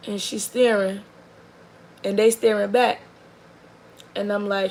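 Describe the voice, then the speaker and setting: A young woman, a mother, telling a rambling, animated story straight to camera, full of likes and restarts, often sinking into a soft murmur. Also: normal speed, pauses often, a little hiss or hum, poor audio. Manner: drops to a soft, low murmur for long stretches. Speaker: mother telling a story about her daughter.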